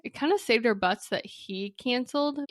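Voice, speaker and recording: A woman's voice: a little high, no echo, studio quality. Chatty young woman telling a story. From Wisconsin. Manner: chatty, lots of "like", quick asides and apologies. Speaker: podcast host. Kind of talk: casual storytelling podcast.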